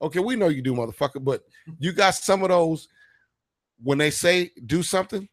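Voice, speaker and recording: A man's voice: on the high side, lively intonation, a little fast, no echo. Heated, profane man ranting, dry sound. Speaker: radio show host. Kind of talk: casual political rant.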